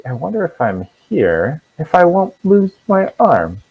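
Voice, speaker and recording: A man voicing a wry male adventurer who lost an arm, with a dry, teasing, drawn-out delivery. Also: fairly high pitch, wildly swooping pitch, slightly rough, phone-quality sound, voice pushed up, full character voice.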